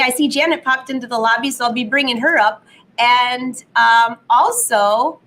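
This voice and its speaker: A woman hosting a live sewing vlog from her home studio, slightly hoarse from a cold, chatty and upbeat, laughing at her own jokes. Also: fairly high pitch, a bit bright, a little hiss or hum, poor audio. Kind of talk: casual live stream chat.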